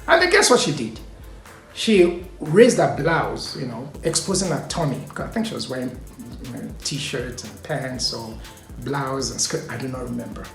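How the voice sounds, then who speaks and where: A man hosting his own vlog, telling a personal story in a casual, animated way, laughing often and trailing off with "you know". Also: medium pitch, moderate pace, gravelly. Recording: echoey room, faint music.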